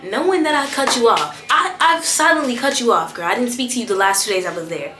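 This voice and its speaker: A young woman telling a personal story in an animated storytime vlog, slangy and expressive, laughing often and repeating lines for emphasis. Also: fairly high pitch, brisk. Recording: echoey room with faint background music.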